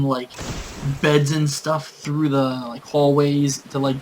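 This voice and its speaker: This is a man casually telling the story of a tabletop game session, rambling and leaning on fillers. He talks at normal speed with a level tone and middling pitch, over faint background noise, on poor audio.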